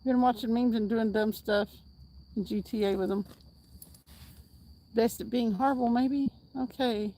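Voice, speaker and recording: A woman's voice: fairly high pitch, steady tone, unhurried, long pauses, warm tone, rough recording. Chatty woman reading chat. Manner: chatty, reads chat aloud, laughs often. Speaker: fishing livestream host. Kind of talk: casual livestream chat reading comments. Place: outdoors at night, fishing.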